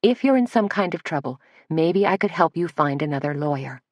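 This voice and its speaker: A woman voicing a kind, resourceful middle-aged shop owner who talks in a warm, soothing, yet firm way. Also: low voice, expressive, fairly quick, dry recording, studio quality. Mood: earnest.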